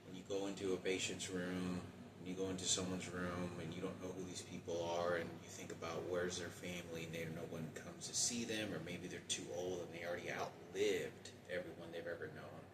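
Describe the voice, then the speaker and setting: A man in his forties talking in a halting, rambling personal monologue with many restarts. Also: low voice, little pitch movement, roomy sound, distant mic, noisy background. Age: 40s.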